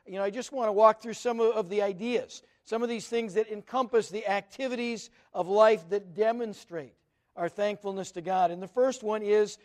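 High-voiced middle-aged man preaching. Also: normal speed, a little mellow. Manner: earnest, personal storytelling. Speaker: pastor. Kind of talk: conversational sermon.

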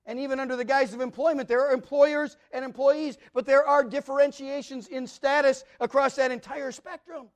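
Male pastor, very high voice, emphatic sermon delivery. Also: little pitch movement, a little fast, hardly any pauses. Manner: emphatic, repetitive preaching cadence, swinging from loud to quiet. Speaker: preacher.

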